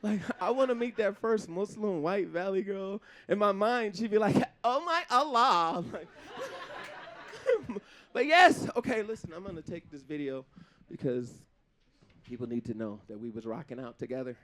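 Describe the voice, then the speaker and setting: A man doing live stand-up comedy on a stage before an audience, talking in an animated way, laughing between jokes and slipping into funny put-on voices. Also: sits high, normal speed.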